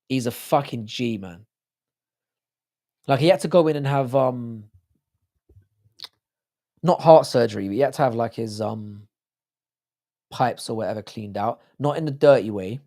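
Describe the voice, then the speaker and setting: A man's voice: medium pitch, creaky, dark tone. A man hosting a livestream, rambling profanely in casual chat and reading out viewer comments. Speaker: livestream host.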